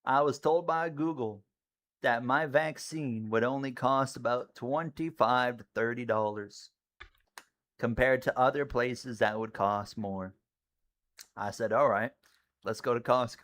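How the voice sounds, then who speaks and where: A man giving casual live commentary on his racing game and chatting with viewers, rambling easily and breaking into loud excited yelling at close moments. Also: mid-range voice, a little slow.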